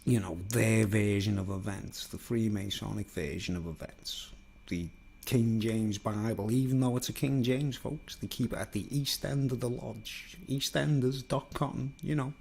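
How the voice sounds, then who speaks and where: A man's voice: fairly low pitch, measured pace, gravelly, a little mellow, breathy edge. A man delivering a digressive, conspiratorial solo monologue, constantly seeking agreement. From England. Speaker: vlogger.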